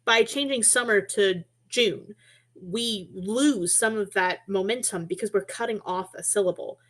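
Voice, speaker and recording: A woman's voice: medium pitch, a little slow, a bit bright. A woman presenting an online lesson on poetry and music, explaining in a friendly, casual way with small asides and self-corrections, heard through a computer mic.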